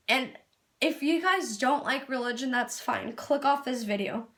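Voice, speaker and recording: A woman's voice: sits high, measured pace, a bit bright. A young woman talking to camera in an earnest, rambling personal vlog, laughing at herself and at times tearful. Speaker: vlogger.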